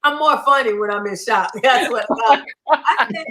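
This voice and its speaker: High bright-voiced woman telling a story. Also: moderate pace. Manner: animated, acts out the voices in her story. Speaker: guest comedian. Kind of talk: storytelling in a casual chat. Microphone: online video chat.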